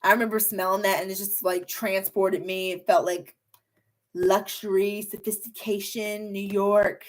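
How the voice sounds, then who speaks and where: A woman's voice: medium pitch, level tone, a little slow. Bubbly chatty young woman YouTuber. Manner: chatty, bubbly, lots of filler words. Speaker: beauty and hair YouTuber. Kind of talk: casual livestream chat reading comments.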